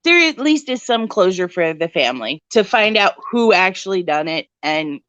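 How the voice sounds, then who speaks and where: A woman co-hosting a true crime podcast in casual chat, an animated storyteller who acts out voices. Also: lowish voice, moderate pace, no echo, lo-fi sound. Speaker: podcast co-host.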